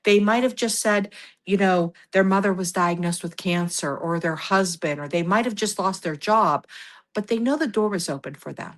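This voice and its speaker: A woman guest on a podcast, telling stories in casual conversation in an animated way, often laughing and acting out what people said. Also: mid-range voice, moderate pace. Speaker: guest, paranormal investigator.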